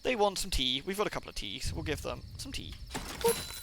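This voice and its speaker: A man's voice: fairly high pitch, huge pitch swings, brisk, creaky, noisy background. A man streaming a video game, reading its text aloud with chatty asides and fillers.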